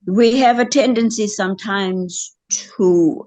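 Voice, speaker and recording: A woman's voice: fairly high pitch, slow pace. An older woman speaking as a podcast guest, earnest and heartfelt, talking about her community. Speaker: guest, dance elder. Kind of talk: conversational interview.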